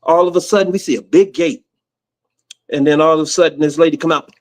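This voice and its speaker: American guy as a podcast guest, tells stories in a lively casual way, slightly high voice. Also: fast. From United States. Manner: animated, acts out the people in his story. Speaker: guest, music executive. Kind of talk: casual storytelling.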